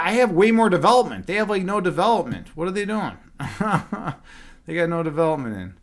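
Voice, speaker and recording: A man chatting casually on a livestream as a chess instructor. He rambles and fills his talk with "like" and "you know". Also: a little high. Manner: talks loudly at times.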